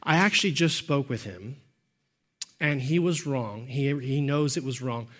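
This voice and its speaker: A man preaching a sermon as pastor, emphatic and rising to shouts on key points, then dropping into quick, low-key storytelling.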